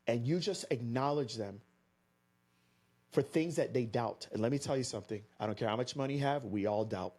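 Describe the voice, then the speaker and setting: A man from Florida, a podcast guest, telling a story in an energetic, emphatic way and talking straight to the listeners. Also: mid-range voice. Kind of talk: animated storytelling to an audience.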